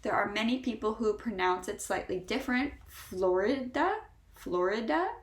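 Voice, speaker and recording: An American woman with a General American accent, teaching English pronunciation and stretching out each example word slowly between brisk explanations. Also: mid-range voice, echoey room. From United States. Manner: slow, drawn-out model words between brisk explanations. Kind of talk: pronunciation lesson.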